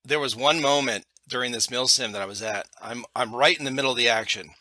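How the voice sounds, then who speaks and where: A man hosts a casual podcast in a very bright, tense voice. The recording is dry and close, with no room sound. He speaks in a laid-back way and drops in quick agreements. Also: medium pitch, dry recording. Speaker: podcast host.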